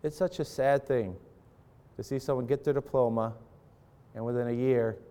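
Speaking to an audience of parents and students, this male pastor has a medium-pitched, steady, dark and clean voice at a normal speed. He preaches with passion, his voice rising and falling as he performs prayers.

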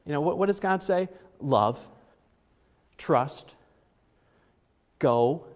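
A man's voice: on the high side, animated, slow pace. A middle-aged man preaching a conversational sermon to his congregation, chatty, with joking asides and frequent fillers and restarts. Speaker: pastor. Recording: long hall reverb.

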